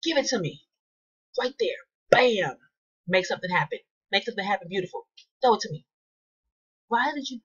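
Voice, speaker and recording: Husky woman calling out her gameplay. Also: medium pitch, brisk, pauses often, lo-fi sound. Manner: excitable, shouts at the game and its players. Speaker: channel host playing a basketball video game. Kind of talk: casual live gameplay commentary.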